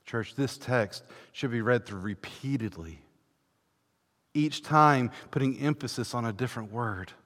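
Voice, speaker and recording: Slow, fervent preacher in a reverberant church. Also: male voice, medium pitch, expressive. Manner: fervent preaching that swells from hushed to ringing. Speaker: pastor. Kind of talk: sermon. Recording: long reverb of a large church hall.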